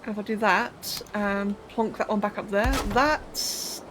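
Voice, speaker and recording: A woman's voice: medium pitch, fairly even intonation, measured pace, background noise. A young woman live-streaming a game, thinking aloud as she builds, counting under her breath and chatting to viewers with casual swearing. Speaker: livestreamer.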